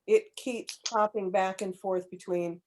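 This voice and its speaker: A woman's voice: medium pitch, steady tone, unhurried, darkish tone. A woman making casual announcements to a writing group on a video call, chatty and hesitant with frequent ums. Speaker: meeting organizer.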